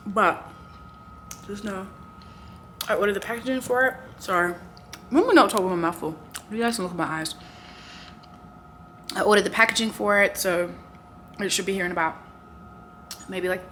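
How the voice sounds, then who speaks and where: A woman in her twenties chatting casually to camera for her vlog, rambling with lots of fillers and sometimes dropping her voice low. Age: 20s. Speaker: vlogger. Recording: noisy background.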